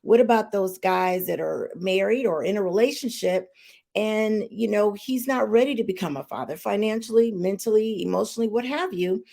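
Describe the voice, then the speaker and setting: A woman's voice: mid-range voice, moderate pace, creaky, dark tone. A woman hosting a podcast, talking straight to her viewers in an outspoken, emphatic way and repeating her points. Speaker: podcast host. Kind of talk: casual opinion talk to viewers. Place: live online stream.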